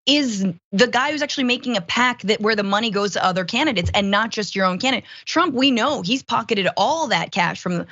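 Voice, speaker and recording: A woman's voice: fairly high pitch, lively intonation, a little fast, hardly any pauses, a bit bright, no echo, muffled recording. Sarcastic woman hosting political chat. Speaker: fill-in host.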